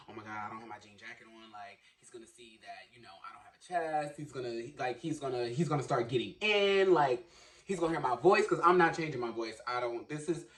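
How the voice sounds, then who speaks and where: A man telling a story in a casual vlog, animated and dramatic, acting out his own inner monologue. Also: sits high, far from the mic.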